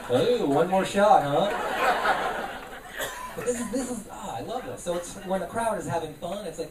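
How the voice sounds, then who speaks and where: A man's voice: sits high, normal speed, very noisy. A man doing a live stand-up set, riffing with the audience. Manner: animated, riffing with the crowd. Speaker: stand-up comedian. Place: comedy club stage. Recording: roomy live club, distant mic, loud crowd. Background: audience laughter.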